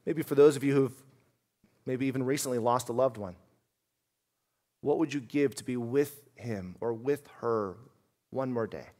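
A man preaching a sermon as a pastor, earnest, dropping to a hush and then rising to loud emphasis. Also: mid-range voice, normal speed, pauses often.

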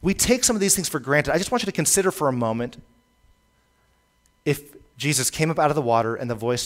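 A man's voice: fairly high pitch, lively intonation, fairly quick. A man preaching a sermon, emphatic and given to repeating key lines for weight, with the occasional stumble over his words. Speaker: pastor.

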